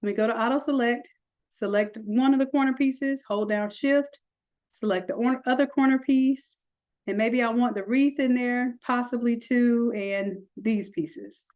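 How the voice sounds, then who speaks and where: A woman's voice: on the high side, measured pace, a little mellow. Chatty woman teaching a design tutorial. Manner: chatty, folksy asides. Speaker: design instructor. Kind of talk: screen-recorded software tutorial.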